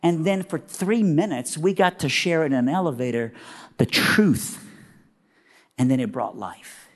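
A man preaching as a guest speaker, telling a story in an animated, humorous way. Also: on the high side, a little slow. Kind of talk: sermon storytelling. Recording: long reverb of a big hall.

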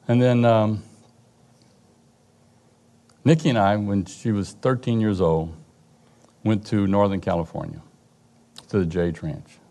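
Low mellow-voiced man telling his story. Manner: storytelling, halting restarts, occasional laughs. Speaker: father giving a testimony. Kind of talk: personal testimony story.

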